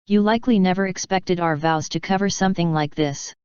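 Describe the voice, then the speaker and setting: A woman voicing a female pony who is a wife close to tears, defensive and hurt, in a very smooth, dry, lo-fi reading. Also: lowish voice, a little fast, a little mellow, no room sound, natural voice. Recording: dull lo-fi.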